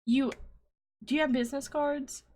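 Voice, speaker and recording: Giggly teasing woman, slightly high voice. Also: fairly even intonation, moderate pace, darkish tone. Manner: giggly, teasing, laughs often. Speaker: co-host of a streamer show. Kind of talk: casual chat.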